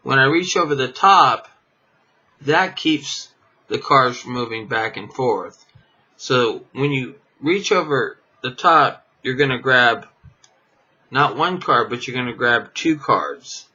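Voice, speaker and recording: A man's voice: mid-range voice, lively intonation, takes it slowly, sharp tone, slightly rough. A man teaching a card trick in a casual, rambling way, full of fillers and chuckling at himself. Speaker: magic teacher. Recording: dull lo-fi camera audio.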